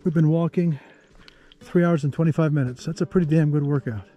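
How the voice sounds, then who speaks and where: A man narrating a hike to the camera on an outdoor canyon trail, easygoing and chatty, thinking aloud with pauses. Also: fairly high pitch, fairly even intonation, warm tone, soft background music. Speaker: travel vlogger.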